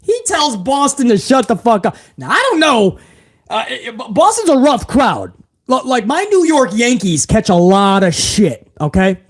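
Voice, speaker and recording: A New England man hosts a live wrestling review, sounding like a fan chatting with friends: casual, excitable, and packed with swearing and slang. His slightly rough voice is high and swings widely in pitch, at normal speed.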